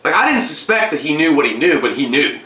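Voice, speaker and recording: A man co-hosting a casual TV recap, animated and acting out scenes in quick voices. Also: fairly high pitch. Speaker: co-host. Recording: echoey room, mic at a distance.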